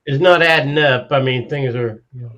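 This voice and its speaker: A man's voice: mid-range voice, moderate pace, fairly bright tone. Joking man on muffled call audio. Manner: joking, loose, lots of "you know". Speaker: guest. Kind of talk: casual chat.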